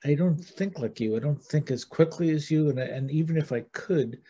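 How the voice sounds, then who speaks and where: A man playing a therapist in an improvised comedy session, talking in a gentle, halting, earnest way. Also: fairly high pitch, husky.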